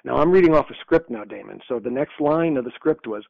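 A man's voice: medium pitch, expressive, a little fast, gravelly, hardly any pauses, dry recording. A man in his sixties from New York, earnestly telling a personal story as a podcast guest, reflective and acting out the dialogue. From New York, USA. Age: 60s. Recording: tinny phone-like line, dry.

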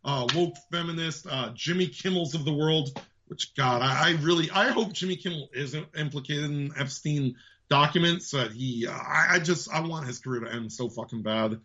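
A man's voice: a little high, moderate pace, pushed and bright, husky, lo-fi sound. A man hosting a podcast in casual chat, blunt and profane, often stammering before he gets going. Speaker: podcast host.

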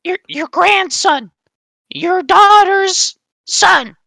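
A man's voice: very high voice, extremely slow, gravelly, bright, forceful tone, no room sound, pitched above the performer's own voice, exaggerated voice, rough recording. A man voicing an exasperated six-year-old grandson in an improvised comedy bit, scolding his forgetful grandfather.

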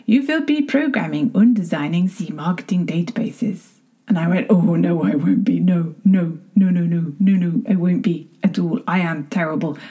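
A woman's voice: mid-range voice, mellow. A middle-aged woman with a British accent, giving a chatty, self-deprecating motivational talk to camera and often checking in with her listeners. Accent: British English.

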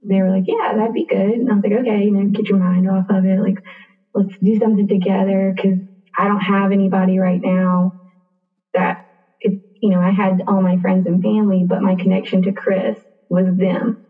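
A woman's voice: medium pitch, little pitch movement, moderate pace. A young woman telling a personal story in a casual interview, chatty with lots of fillers and acted-out quotes. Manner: chatty, many fillers, acts out quoted dialogue. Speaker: interview guest. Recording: tinny phone-like line.

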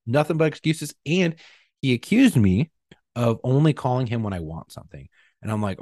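Blunt, husky-voiced man. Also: lowish voice, fairly quick, dry recording, clean studio sound. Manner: blunt, profane, animated storytelling. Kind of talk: casual profane chat.

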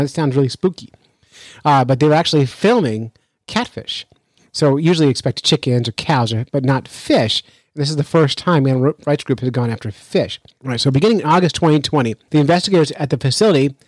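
A man's voice: fairly high pitch, no room sound. Chatty male podcast host, dry sound. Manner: lively, chatty, with frequent restarts. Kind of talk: casual storytelling and news commentary.

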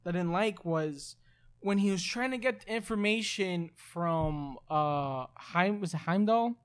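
High-voiced young man, animated rant. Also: slow, smooth. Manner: animated, exasperated complaints with many repeated fillers. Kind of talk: casual chat.

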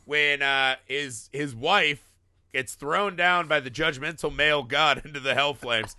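A man's voice: on the high side, a little slow, pushed and bright, dry recording, clean studio sound. A man co-hosting a casual film discussion, irreverent and profane, laughing often. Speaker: podcast co-host.

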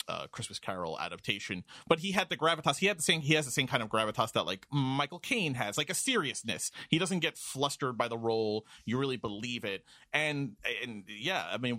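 Bright, animated man chatting. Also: medium pitch, dry recording, clean studio sound. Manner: animated, excitable, quick to joke. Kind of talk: casual chat.

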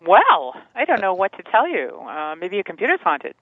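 Teasing radio co-host, wry quips; animated pitch, phone-line sound. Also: normal speed, no echo. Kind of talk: casual radio banter.

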